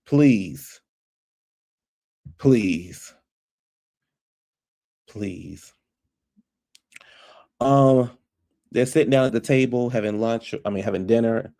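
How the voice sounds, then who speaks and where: A man casually recapping a reality TV episode for his viewers, chatty and opinionated, quick to pass judgment on the cast. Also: mid-range voice, fairly even intonation, warm tone. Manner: chatty, gossipy, opinionated, addresses viewers as y'all.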